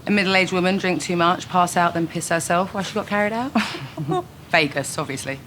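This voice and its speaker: Woman, 30s, dry and candid interviewee, bright tone, faint hiss. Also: lowish voice, steady tone, a little fast. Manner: frank, dry, laughs easily. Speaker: singer being interviewed. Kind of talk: casual quick-fire interview answers. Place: her home.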